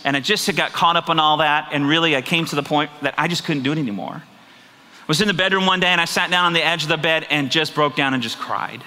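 A man's voice: on the high side, fast, pushed and bright. A man pastor preaching a sermon, earnest and confessional, often asking his listeners rhetorical questions. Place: church sanctuary. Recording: reverberant church hall.

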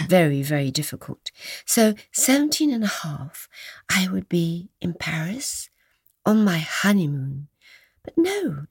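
An older woman from England, a guest telling stories of her past in a gently animated, reminiscing way. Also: on the low side, gravelly, husky, no room sound, studio quality. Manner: reminiscing, gently animated, dips into soft whispers. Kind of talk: storytelling in an interview.

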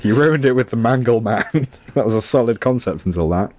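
A man's voice: medium pitch, animated, fairly quick, a little mellow, no room sound. A man hosting a podcast, chatting casually and teasing his co-hosts with laughing banter. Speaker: podcast host. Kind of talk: casual chat.

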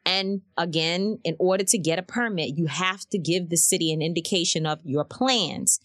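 Lively storytelling woman, dry close sound. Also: normal speed, no room sound. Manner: animated storytelling, acts out quotes with rising pitch. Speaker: march organizer. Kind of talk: candid interview talk.

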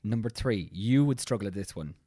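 A man's voice: on the low side, expressive, a little fast, dark tone, no echo, studio quality. An Irish man co-hosting a podcast in casual chat, playfully explaining rules step by step. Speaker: podcast co-host.

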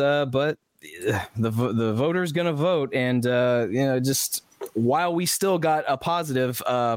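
A man hosting a podcast, casually reading listener comments aloud with animated asides and frequent laughs. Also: fairly high pitch, dry recording. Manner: animated, laughs often, restarts sentences. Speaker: podcast host.

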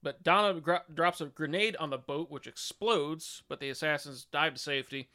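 A man's voice: a little high, normal speed, sharp tone. A man hosting a casual podcast, walking through a film's plot with dry asides. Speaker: podcast host recapping the film. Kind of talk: casual film recap chat.

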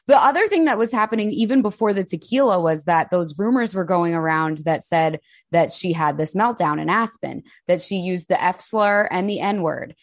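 A woman co-hosting a podcast, telling stories in a casual, animated way. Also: lowish voice, moderate pace, few pauses, dry recording, studio quality. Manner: animated storyteller, mimics people. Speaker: podcast co-host. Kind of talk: casual chat.

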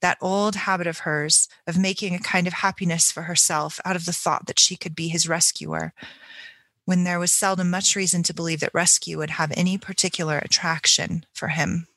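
A woman co-hosting a book podcast, reading a passage from a novel aloud in a measured, reflective way. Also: on the low side, fairly even intonation, fairly bright tone, dry recording. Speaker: book club podcast co-host.

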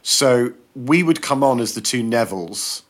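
A man, a comedian, talks as a guest on a podcast. He tells his stories with energy and acts out the quoted lines in changing voices. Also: measured pace. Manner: animated, acts out quotes with shifting pitch. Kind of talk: casual podcast chat, storytelling.

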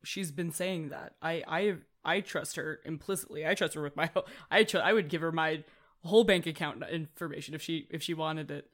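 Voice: medium pitch, brisk, fairly bright tone. A tabletop player speaking emotionally, swearing and stammering often. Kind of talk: tabletop game chat.

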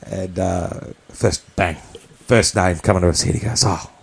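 A man's voice: sits low, normal speed, creaky, husky. A man from New Zealand, co-hosting a podcast, telling a personal story in a candid, blunt, rambling way. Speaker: podcast co-host.

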